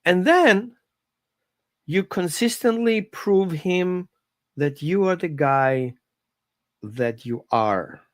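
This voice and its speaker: A dog trainer giving an informal live-stream lesson from home, talking in an animated, conversational coaching way. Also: mid-range voice, drawn-out words, pauses often, no echo, clean studio sound.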